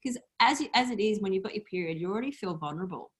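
A woman's voice: mid-range voice, racing. Candid woman, chatty podcast guest. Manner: candid, animated storyteller, swears casually. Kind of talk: casual chat.

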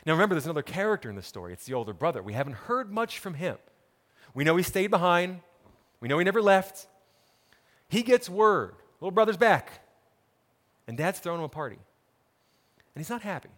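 Animated high-voiced male preacher. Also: brisk, pauses often. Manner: dramatic storytelling, acts out quoted characters. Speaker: pastor. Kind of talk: sermon.

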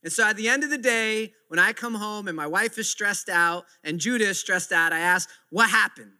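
A man's voice: high voice, a little fast, pushed and bright, clean tone. A man in his thirties preaching a sermon with earnest, repetitive emphasis. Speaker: pastor.

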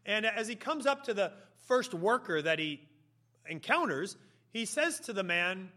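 A man preaching a sermon, telling a story with lively, animated delivery and putting on voices for the characters. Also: high-pitched, unhurried. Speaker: pastor.

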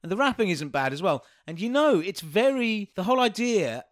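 An eager man chatting about old records, rambling and pausing as he hunts for names. His voice sits a little on the high side and sounds dry and close to the mic. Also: big pitch swings, dry recording. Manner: enthusiastic, rambling, searches for names. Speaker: podcast co-host. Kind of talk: casual music chat.

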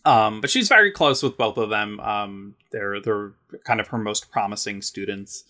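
A man's voice: on the low side, moderate pace, sharp tone. A man co-hosting a podcast in casual chat, rambling with many fillers and restarts and cracking playful jokes. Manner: laughs often, with playful jokey asides. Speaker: podcast co-host.

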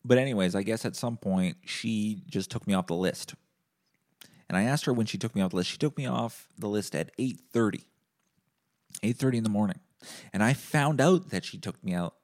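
A man hosting a podcast, telling a comedic story as a deadpan, profane rant and acting out both sides of the argument himself. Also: fairly low pitch. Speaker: podcast host.

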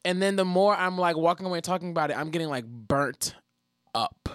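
Animated young man telling a story. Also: on the high side, brisk, clean tone, dry recording, clean studio sound. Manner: animated, profane, acts out quotes. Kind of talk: casual storytelling.

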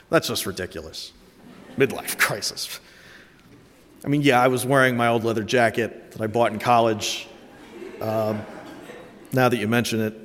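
A man in his late thirties from Connecticut preaching an Easter sermon, telling a story with reflective warmth and dry self-mocking humor. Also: medium pitch, steady tone, normal speed, pauses often, in a large hall, a little hiss or hum. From Connecticut, USA. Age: late 30s. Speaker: pastor.

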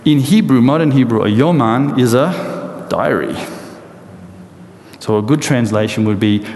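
A man preaching a sermon in a lively, animated storytelling way with rhetorical questions, in a large hall or church. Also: medium pitch, unhurried. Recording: echoey hall with long reverb and faint noise.

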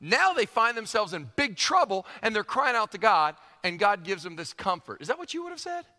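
A man preaching a sermon, emphatic and animated, repeating phrases for emphasis. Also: high voice, a little fast. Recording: long hall reverb.

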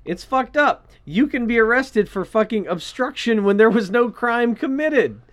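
A man with a high voice co-hosts a podcast in loose, casual chat. He swears freely and keeps a dry, sarcastic edge. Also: expressive, normal speed, a bit bright. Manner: laid-back and profane, with dry sarcasm. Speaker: podcast co-host.

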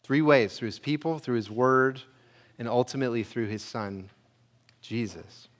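A man delivering a sermon in a relaxed, conversational way. He lifts his voice on questions and emphatic points, then sinks low and quiet on key lines. His pitch sits in an ordinary middle range for a man. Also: moderate pace. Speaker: pastor.

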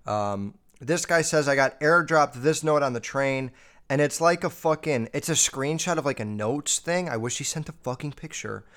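A man's voice: mid-range voice, moderate pace. A man hosting a show, reading listener messages and riffing on them with constant swearing. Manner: profane, animated, riffing. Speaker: podcast host.

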